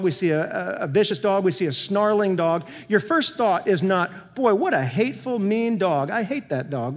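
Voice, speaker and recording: In a church sanctuary thick with long hall reverb, a senior pastor with a higher-pitched male voice delivers an earnest sermon. His preaching moves between emphatic and gentle moments, punctuated by rhetorical questions.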